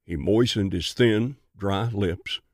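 A man reads a western audiobook in a slow, measured way. His voice sits a little low and is recorded dry and close, with no room sound. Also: no echo. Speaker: narrator.

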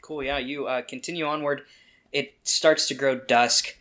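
A game master narrating a tabletop game in a relaxed, casual manner. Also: mid-range voice, measured pace.

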